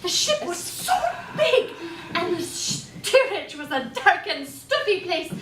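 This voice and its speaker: A woman's voice: extremely high pitch, sing-song, slow pace, background noise, heavily acted. A woman playing a polite young Irish immigrant woman with an Irish accent, speaking earnestly on a theater stage. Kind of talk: stage play acting. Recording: roomy stage sound from far off.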